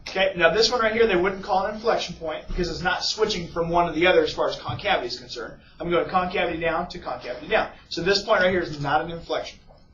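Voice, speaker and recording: A man's voice: fairly high pitch, fast talker, hardly any pauses, a bit bright. A male math teacher lecturing casually in a classroom, often checking in with his students. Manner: casual, keeps checking in with "okay?" and "right?". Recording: echoey, distant, muffled classroom recording.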